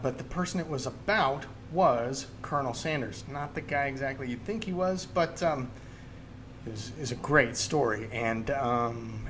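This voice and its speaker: A man's voice: mid-range voice, a bit bright, a little hiss or hum. A man hosting his own show in a jokey, rambling, casual way, with many fillers. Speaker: podcast host. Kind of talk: casual chat.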